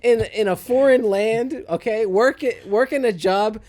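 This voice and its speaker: A young man co-hosting a comedy podcast, telling a story in a casual, animated way and acting out both sides of the conversation. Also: sits high, unhurried. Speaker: podcast co-host.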